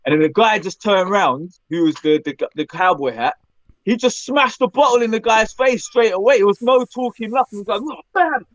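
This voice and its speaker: A man telling animated stories as a podcast co-host, often tagging his lines with questions. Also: sits high, brisk, no echo, rough recording. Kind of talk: casual chat, storytelling.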